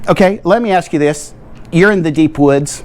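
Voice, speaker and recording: A man's voice: fairly high pitch, normal speed, very noisy. A man from the United States hosting a playful product review vlog from his garage, rambling with tongue-in-cheek claims and checking in with viewers. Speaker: video host reviewing coolers. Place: home garage.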